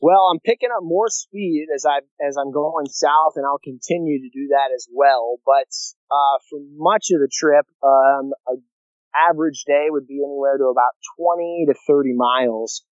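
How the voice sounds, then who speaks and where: A man's voice: medium pitch, normal speed, no room sound. Easygoing man on a dull, lo-fi line. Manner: easygoing, many fillers and restarts. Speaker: guest, long-distance canoeist. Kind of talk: casual interview over a remote line. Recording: dull lo-fi call audio, dry.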